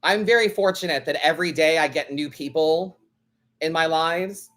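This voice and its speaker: A man's voice: a little high, normal speed, fairly bright tone. A man hosting a live tarot stream, chatting casually in a blunt, sassy way and swearing freely. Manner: blunt, sassy, swears freely, acts out other people's lines.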